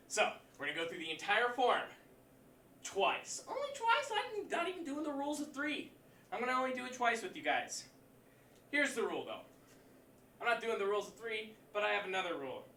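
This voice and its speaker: A man teaching a martial arts class online, counting out moves, shouting kiai and giving encouraging pep talks. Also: on the high side, slight background noise. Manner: encouraging, pep-talk delivery. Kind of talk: leading a livestream class. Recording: echoey room, voice far from mic.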